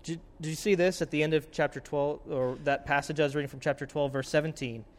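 A man preaching a sermon as pastor, earnest, swinging between loud urgency and hushed warnings. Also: fairly high pitch, steady tone, quick pace.

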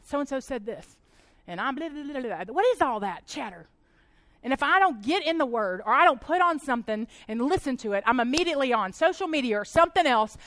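High-voiced chatty woman preaching. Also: no room sound. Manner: chatty, animated, laughs often. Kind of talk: casual sermon talk.

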